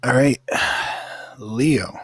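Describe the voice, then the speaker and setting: A man narrating as game master of a tabletop game, setting dark scenes in a slow, dramatic way. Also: mid-range voice, husky, dry recording.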